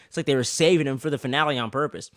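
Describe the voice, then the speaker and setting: A man co-hosting a casual review show, rambling and swearing as an excited fan. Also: mid-range voice, rapid-fire, dry recording, clean studio sound. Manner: rambling, profane, excitable fan talk with many fillers. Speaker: podcast co-host reviewing an episode.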